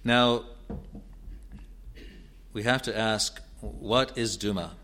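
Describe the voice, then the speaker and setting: A man preaching an expository sermon in a deliberate, earnest way, building to emphatic rises. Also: fairly low pitch, a bit bright, slight background noise.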